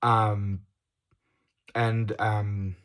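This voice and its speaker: A young YouTuber with a lowish voice records a confessional vlog, speaking extremely slowly with a flat delivery. He addresses his audience directly, swinging from heated swearing to quiet, apologetic trailing off, and stumbles through restarts.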